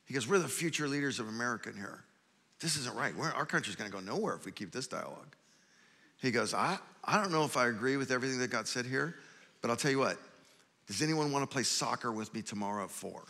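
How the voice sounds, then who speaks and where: Earnest pastor moderating in a hall. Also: male voice, mid-range voice, animated, fast, bright, forceful tone. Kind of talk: moderating a church panel. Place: large church hall. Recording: long hall reverb.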